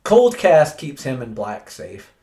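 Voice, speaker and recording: A man's voice: medium pitch, huge pitch swings, slow pace, mellow. A man co-hosting a casual podcast, retelling a comic book story animatedly and laughing often. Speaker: podcast co-host. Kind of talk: casual chat.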